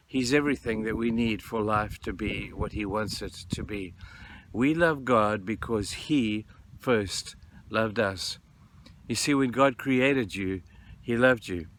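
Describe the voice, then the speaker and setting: A man's voice: mid-range voice, fairly bright tone, a little hiss or hum. Earnest preaching man. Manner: earnest, repetitive preaching with emphatic pleading. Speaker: pastor. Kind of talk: sermon.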